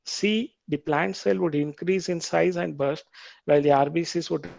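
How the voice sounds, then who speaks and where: A man with an Indian English accent lecturing on biology, reading quiz questions aloud, repeating them slowly and explaining the answers patiently. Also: on the high side, vocal fry, a little mellow. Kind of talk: quiz-style classroom lecture.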